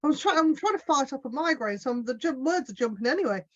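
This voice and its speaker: A woman in a book club reads a passage aloud, stumbling now and then as she goes. Her pitch sits a little high. The sound is dull and lo-fi, like audio from a call. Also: expressive, fast.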